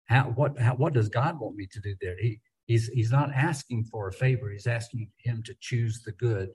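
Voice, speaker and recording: A man's voice: mid-range voice, moderate pace, a little mellow, slightly rough, poor audio. A man teaching a Bible study in a conversational way, thinking aloud with frequent restarts and repeated words.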